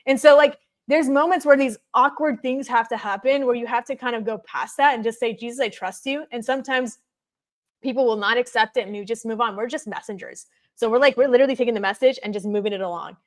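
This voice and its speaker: Woman guest, somewhat high voice, rambling conversational storyteller with frequent fillers. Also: fast talker. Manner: chatty, many fillers of "like".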